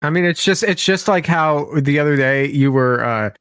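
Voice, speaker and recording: A woman's voice: low voice, moderate pace, fairly bright tone, clear, resonant tone, dry recording, clean studio sound. A young woman co-hosting a podcast in casual chat, a playful storyteller who acts out the conversations she retells. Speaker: podcast co-host.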